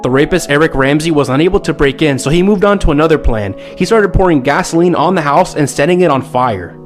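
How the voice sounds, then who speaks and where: A man reads a scripted story steadily and evenly. His voice is a little high, with faint music underneath. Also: lively intonation, quick pace. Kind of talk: scripted narration.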